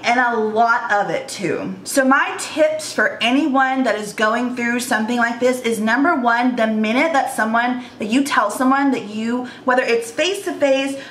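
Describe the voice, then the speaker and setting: A woman's voice: fairly high pitch, a bit bright, echoey room, slight background noise. A woman in her thirties telling an earnest, emotional storytime vlog about her own experience. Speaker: vlogger.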